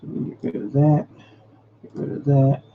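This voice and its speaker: With a completely flat delivery at a moderate pace, a medium-pitched streamer greets his viewers by name and mutters while fixing his setup during casual live chat. The audio is narrow and tinny with a little hiss or hum.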